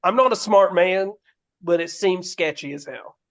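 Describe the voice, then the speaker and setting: A man's voice: high voice, moderate pace, a bit bright. A man playing a tabletop role-playing game, asking questions in a casual, self-deprecating way. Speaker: player.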